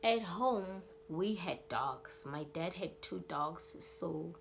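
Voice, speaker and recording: A woman's voice: lowish voice, expressive, takes it slowly, vocal fry, a little hiss or hum. A South African woman telling a story in a casual vlog, rambling with many fillers and acting out scenes. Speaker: YouTuber.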